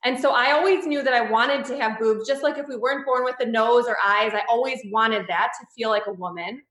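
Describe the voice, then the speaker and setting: In an echoey room, a woman in her thirties, a boudoir photographer appearing as an interview guest, tells her personal story. Her voice sits a little high and sounds brisk and slightly bright, and she speaks candidly, rambling and restarting often.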